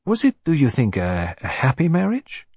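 A man's voice: mid-range voice, huge pitch swings, darkish tone, slightly rough, dry recording, clean studio sound, full character voice. A man doing a precise, formal detective. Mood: probing. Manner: measured, formal questioning. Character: polite, precise older male detective.

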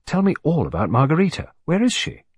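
A man voicing a gossipy, dismissive young woman in an audiobook, with a lifted, slightly husky tone and dry, close sound. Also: fairly high pitch, huge pitch swings, no room sound, voice pushed up, full character voice. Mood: eager. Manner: brisk and dismissive.

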